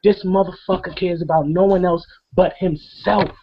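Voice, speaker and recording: A middle-aged man with a high voice rants with emphatic, profane passion, preaching at his listeners. The sound is dull and lo-fi. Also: fairly even intonation, moderate pace. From New York. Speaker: co-host of a wrestling review show. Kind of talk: impassioned rant.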